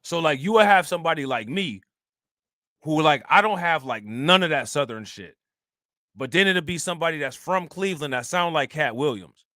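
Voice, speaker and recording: A man from Northeast Ohio with a flat Midwestern accent, hosting a casual livestream and rambling to his chat in slangy, loose talk. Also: a little high, normal speed, no echo, studio quality. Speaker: livestream host.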